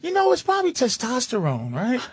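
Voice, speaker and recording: A man's voice: very high-pitched, huge pitch swings, a little fast, breathy edge, dry recording, exaggerated voice. A man voicing a frank, chatty middle-aged woman in a raised, breezy voice while retelling a story.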